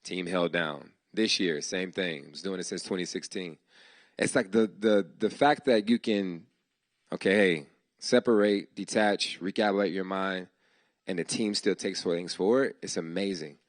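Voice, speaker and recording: Hosting a startup demo day, a man offers his team heartfelt, casual, slang-filled thanks in a live speech to an audience in an event hall. His voice is low and a little slow. There's no room sound on the recording.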